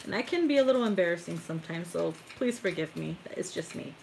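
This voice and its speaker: A woman's voice: on the low side, expressive, quick pace, gravelly. Chatty woman tarot reader, giggly, swears freely, slight background hiss. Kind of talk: casual live tarot reading. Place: home tarot room.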